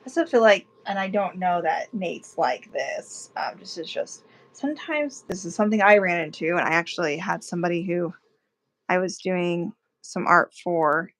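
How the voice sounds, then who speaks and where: A woman's voice: on the low side, normal speed. A woman co-hosting a casual chat while painting, telling stories and laughing easily. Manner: chatty storyteller, laughs easily. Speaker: co-host, artist.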